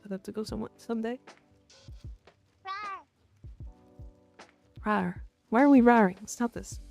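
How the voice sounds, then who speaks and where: A woman's voice: medium pitch, vocal fry, dark tone. A woman streamer chatting playfully with her viewers in a casual live stream.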